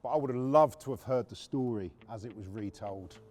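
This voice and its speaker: A man's voice: mid-range voice, a little fast, darkish tone, slight background noise. A middle-aged man, hosting a podcast and casually telling a story from his working life, blunt and swearing freely. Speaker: podcast host.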